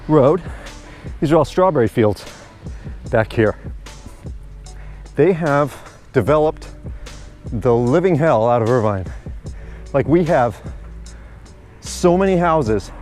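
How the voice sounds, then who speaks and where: Out on his bike, a male vlogger keeps up a relaxed, good-natured stream of narration. His voice is medium in pitch with a somewhat dark tone.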